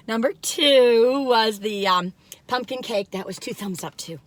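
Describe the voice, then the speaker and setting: A woman's voice: high voice, moderate pace, fairly bright tone, dry recording. A woman in her sixties, chatting casually in a taste-test vlog and giggling and exclaiming over the food. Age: 60s. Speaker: food reviewer.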